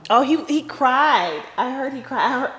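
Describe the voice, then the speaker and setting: A woman's voice: high-pitched, animated, fairly bright tone, echoey room, faint music behind. A woman hosting a casual chat with a friend, playful and laughing. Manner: playful, laughing, quick back-and-forth. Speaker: host.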